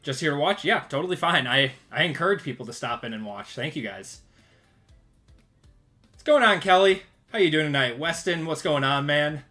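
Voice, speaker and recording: A man's voice: fairly high pitch, expressive, normal speed, bright, forceful tone, faint music behind. A man hosting a casual livestream, upbeat and greeting viewers by name as they join. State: out of breath. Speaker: card break livestream host. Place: home.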